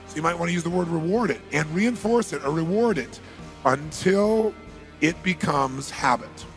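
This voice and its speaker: At a seminar, a motivational speaker with a slightly high, gravelly voice delivers an emphatic talk, weaving in a story and hammering home key phrases through repetition.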